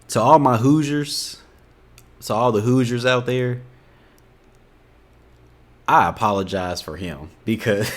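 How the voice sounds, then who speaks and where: A young man with an Indiana accent reacting to videos with casual, animated and exasperated commentary, often saying "you know what I'm saying". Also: on the low side.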